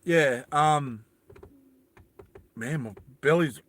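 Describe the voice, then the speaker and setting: A man's voice: a little high, drawn-out words, fairly bright tone, slight background noise. A man hosting a live stream, chatting casually with viewers and reading their comments in a rambling, self-deprecating way. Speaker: livestream host.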